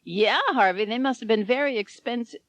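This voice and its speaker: A woman voicing a fussy, excitable young male helper in a high, loud voice. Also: brisk, dry recording, close to an everyday voice. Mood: excited.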